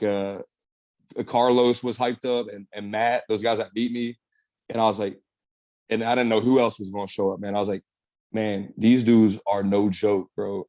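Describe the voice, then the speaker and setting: Young dude guest on a podcast, swears a lot, says bro every other line, dead dry mic. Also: male voice, mid-range voice, no room sound. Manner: animated storytelling, slangy, swears, says "bro" and "man" a lot. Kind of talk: casual storytelling interview.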